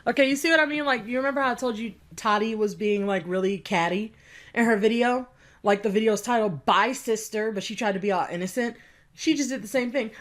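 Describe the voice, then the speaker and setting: A woman's voice: a little high, animated, moderate pace. A woman giving indignant, sarcastic reaction commentary, swinging between mocking and scolding. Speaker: commentary YouTuber.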